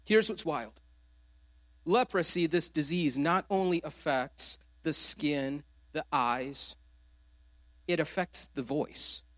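High-voiced man preaching a sermon. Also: fairly bright tone. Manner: earnest preaching, quoting scripture with dramatic pauses. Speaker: pastor.

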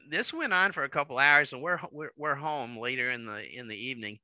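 A middle-aged man telling a personal story in casual conversation, animated and repeating his words as he acts out quotes. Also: medium pitch, brisk, hardly any pauses, no echo, highs cut off.

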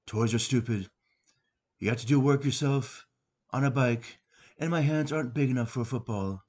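A smug, spoiled rich brat, as a man puts him on. He drawls slowly with a smirk in a storybook reading, his voice mid-pitched. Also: darkish tone, natural voice. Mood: bratty.

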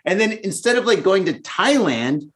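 A man's voice: high voice, very animated, normal speed, fairly bright tone. A man co-hosting a podcast, a bit tipsy, in a profane, rambling, joking casual chat. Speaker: podcast co-host.

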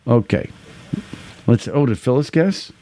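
New man, 50s, livestream host; rambling, crude jokes, animated pitch. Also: unhurried. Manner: loose, crude, jokey rambling with frequent laughter. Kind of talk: casual chat.

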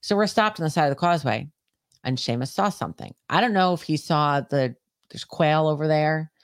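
A woman co-hosting a podcast, telling a story in a casual chat with animated delivery and plenty of swearing. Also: low voice, brisk, dry recording, studio quality. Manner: animated storytelling, heavy swearing, shouts when acting out scenes. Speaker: podcast co-host.

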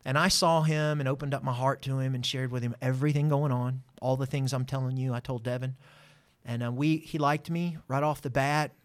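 A man, a guest telling a personal testimony with lively acted-out dialogue. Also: mid-range voice, brisk. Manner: animated, acts out voices in his story. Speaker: interview guest. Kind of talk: storytelling testimony.

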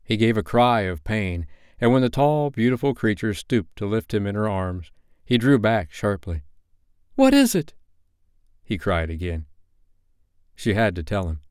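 A man reading a bedtime story aloud in an expressive, gentle storytelling manner. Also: lowish voice, normal speed, clear, resonant tone, no room sound, clean studio sound.

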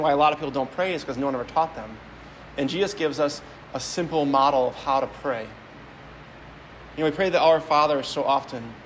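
A man's voice: mid-range voice, slight background noise, rough recording. A man preaching a homily as a priest, speaking conversationally, telling stories and often repeating words as he goes. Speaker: Catholic priest.

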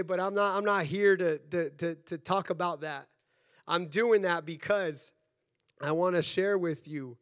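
A man's voice: fairly high pitch, fairly bright tone. A man preaching a sermon in a church, fervent and earnest, often repeating his phrases. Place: church sanctuary.

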